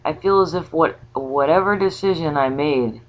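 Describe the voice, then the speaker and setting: A woman talking casually about a spiritual ritual, rambling and halting with many restarts. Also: low-pitched, a little hiss or hum. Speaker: vlogger. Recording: slightly dull lo-fi sound.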